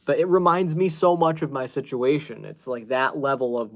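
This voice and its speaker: A male podcast host with a mid-range voice tells stories at normal speed in a casual, rambling chat, full of fillers and restarts.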